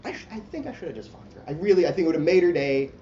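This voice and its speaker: A man with a slightly high, mellow voice and big pitch swings races through a long, profane story in casual conversation. He rambles, mocks himself and uses "like" constantly, on a roomy, dull lo-fi recording with faint hiss.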